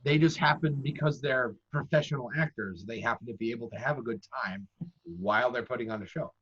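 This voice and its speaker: A man's voice: mid-range voice, fairly quick, a bit bright, slight background noise. A man who works as a professional dungeon master, giving casual, chatty, self-deprecating advice in conversation. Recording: dull lo-fi audio.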